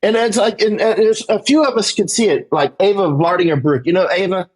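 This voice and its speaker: A man, a war correspondent, giving an emphatic interview monologue that climbs higher in pitch as he gets worked up, with frequent "right?" tags. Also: fairly quick, slightly rough.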